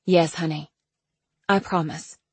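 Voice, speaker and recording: A woman voicing a reserved, uneasy adult woman in an audiobook, speaking quietly and with restraint. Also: sits low, steady tone, slow, slightly rough, no echo, full character voice. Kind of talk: audiobook character voice.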